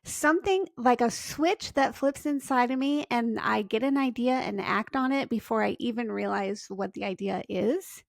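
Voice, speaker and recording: A woman's voice: fairly high pitch, moderate pace, creaky, hardly any pauses, no echo, clean studio sound. A woman hosting a podcast, chatting and telling a story with laughter. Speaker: podcast host. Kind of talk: casual interview chat.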